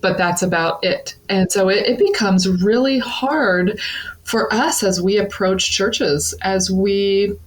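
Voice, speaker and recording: Woman guest from the Southern US, mid pitch, earnest explainer, casual pauses. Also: poor audio. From Southern United States. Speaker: guest speaker on church partnerships. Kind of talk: casual conversational interview.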